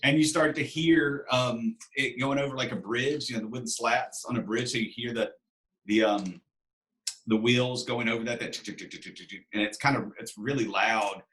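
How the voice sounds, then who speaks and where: A man's voice: mid-range voice, steady tone, normal speed, fairly bright tone. A man narrating a tabletop game as game master, casual and loose with fillers. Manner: casual, filler-heavy storytelling.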